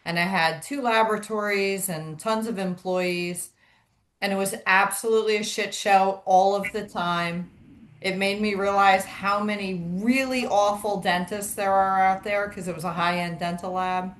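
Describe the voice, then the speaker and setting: A woman's voice: medium pitch, steady tone, normal speed, slight background noise. A middle-aged woman with a mid-range voice talks candidly and wryly in casual chat. Her voice rings in a roomy, echoey space. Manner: candid, wry, loose speech with fillers.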